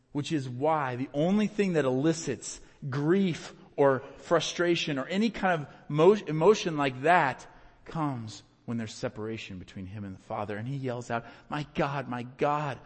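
A man preaching a sermon as a pastor, earnest, rising to emphatic peaks and then dropping low and quiet. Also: measured pace. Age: adult with young children. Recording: reverberant hall.

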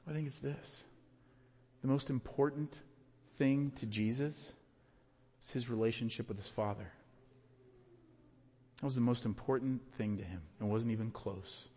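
A man's voice: a little slow, long pauses, mellow, slightly rough. Earnest male pastor in a reverberant hall. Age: adult with young children. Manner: earnest, builds to emphatic peaks then drops low. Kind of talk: sermon.

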